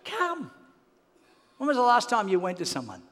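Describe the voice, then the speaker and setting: A man's voice: sits high, huge pitch swings, rapid-fire, a bit bright, in a large hall. A man with an Australian accent preaching a televised sermon as pastor, calling for amens and joking at his own expense. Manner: preaching with call-and-response and self-mocking jokes.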